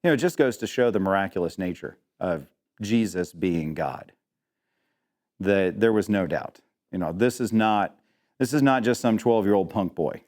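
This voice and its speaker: A man's voice: sits low, animated, moderate pace, darkish tone. A man teaching an interactive Bible lesson, quizzing the class with questions and dropping in joking asides.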